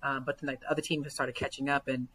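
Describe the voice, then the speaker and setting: A woman basketball coach talking earnestly as a podcast guest, full of fillers and growing excitement. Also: rumbling low, fast talker, slight background noise, poor audio. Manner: earnest, many fillers, builds to excited retellings.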